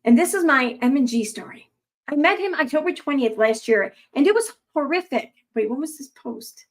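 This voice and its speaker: A woman's voice: high-pitched, lively intonation, normal speed. A young adult woman reading online posts aloud and adding rambling, sarcastic commentary full of fillers.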